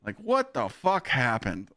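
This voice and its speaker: Brief: man, casual profane streamer banter, very lively pitch, dry close mic. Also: slow, no room sound. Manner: profane, ranting, laughing. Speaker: gaming streamer. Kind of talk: casual live-stream chat.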